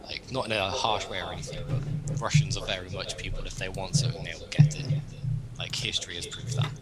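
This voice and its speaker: A man's voice: low voice, steady tone, fast, very noisy. A young man hosting a casual political chat, rambling and opinionated as he thinks aloud. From Britain. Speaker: host.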